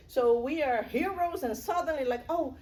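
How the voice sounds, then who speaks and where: A woman's voice: on the high side, expressive, slow pace, a little mellow. A middle-aged woman giving a public spiritual lecture in an earnest, conversational way, with personal stories.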